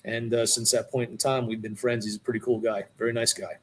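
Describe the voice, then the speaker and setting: A middle-aged man talking as a podcast guest, spinning a long story in a loose, animated way at an ordinary pitch. He drops in a "dude" here and there and keeps it conversational rather than polished. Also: a little fast, slight background noise. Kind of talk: casual storytelling.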